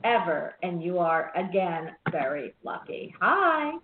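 A woman's voice: fairly low pitch, big pitch swings, measured pace. Chatty 60s woman hosting call-ins, echoey and tinny like a phone. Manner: bubbly, talkative, laughs often. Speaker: radio show host. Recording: echoey, tinny phone-like sound with faint hiss.

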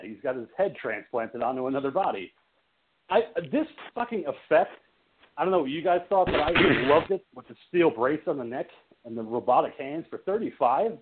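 A man's voice: on the high side, slightly rough. A man co-hosting a horror movie podcast, talking casually and enthusiastically, rambling and laughing often. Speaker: podcast co-host. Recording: tinny phone-like audio.

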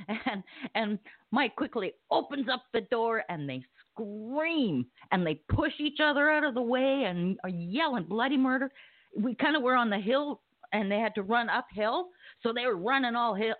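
A chatty host tells a story on a call, the voice mid-pitched and dry on a tinny phone line. The delivery is lively and laughing, with an easy, conversational flow. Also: normal speed, dry recording. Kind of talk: casual call-in chat.

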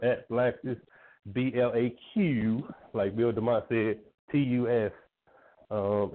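A man who laughs easily, a wrestler guest talking enthusiastically in a casual chat. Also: medium pitch. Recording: tinny phone-like line with faint hiss.

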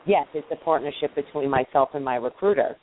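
A woman from Queens with a deep voice and a New York accent, talking emphatically in a casual panel discussion. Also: fairly quick. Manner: emphatic, insistent. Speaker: recruiting panelist. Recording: tinny phone-like line.

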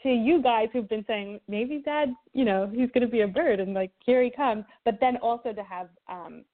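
A woman's voice: a little high, normal speed. A woman hosting a casual interview, enthusiastic and chatty, often laughing and saying "you know". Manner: warm, enthusiastic, many fillers and laughs. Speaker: podcast host. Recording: phone-like audio.

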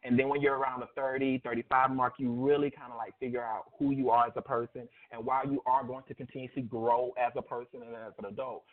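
Guy in his 30s hosting a call-in show, lots of ums, laughs easy, tinny phone sound, mid pitch. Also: flat delivery, quick pace, few pauses. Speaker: host. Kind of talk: call-in radio interview.

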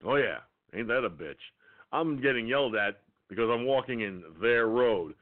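A man's voice: mid-range voice, normal speed. A man hosting an internet radio show, telling a profane, angry story in a ranting monologue. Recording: tinny phone-line sound.

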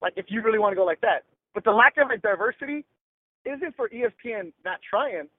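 A middle-aged sports broadcaster from Los Angeles, talking bluntly and emphatically with slang in a casual podcast interview over a tinny, dry line. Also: male voice, high-pitched, expressive, quick pace, no echo.

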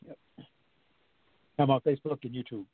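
Male open-mic poet, rhythmic measured reading, phone-line sound. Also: mid-range voice, steady tone, husky, no echo. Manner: measured, rhythmic rhyming delivery. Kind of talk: spoken-word poetry reading. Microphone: phone call-in.

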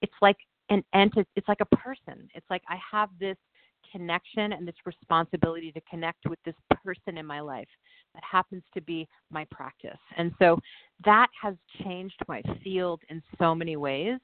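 A woman co-hosting a casual chat, telling stories in an earnest, animated way and often restarting her sentences. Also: on the low side, normal speed, no echo. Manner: earnest, animated storytelling with many self-restarts. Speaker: podcast co-host. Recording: tinny phone-like, dry sound.

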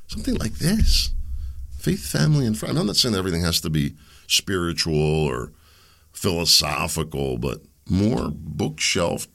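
A man's voice: fairly low pitch, vocal fry, sharp tone. A man hosting a solo podcast, rambling and conversational, often correcting himself mid-sentence and asking pointed questions. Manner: opinionated and questioning. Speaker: podcast host.

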